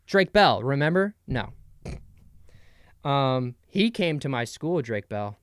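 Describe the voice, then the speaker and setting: A man's voice: mid-range voice, big pitch swings, slow pace, pauses often, smooth, dry recording, clean studio sound. A young man hosting a podcast solo, rambling playfully in a casual comedic monologue. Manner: rambling, playful, jumps between bits. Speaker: podcast host.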